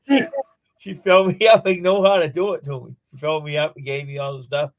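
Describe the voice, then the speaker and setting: A man's voice: fairly high pitch, a little fast, dry recording, lo-fi sound. A man chatting casually, telling rambling everyday anecdotes as a guest on a live stream. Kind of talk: casual chat.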